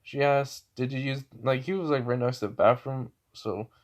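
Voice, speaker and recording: A man's voice: mid-range voice, normal speed. Man, casual improvised storytelling, rambling, fillers, self-corrections. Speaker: fan storyteller.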